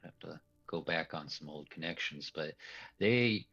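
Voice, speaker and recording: A man's voice: very deep voice, normal speed, fairly bright tone, husky, muffled recording. A man running a tabletop role-play as game master, talking in a loose, rambling way and laughing often.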